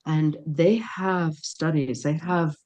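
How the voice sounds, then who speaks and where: A woman's voice: sits low, fairly even intonation, slow, a little mellow. A middle-aged woman, a podcast guest, telling a personal story in an interview, acting out the dialogue and laughing often. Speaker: podcast guest, dream worker.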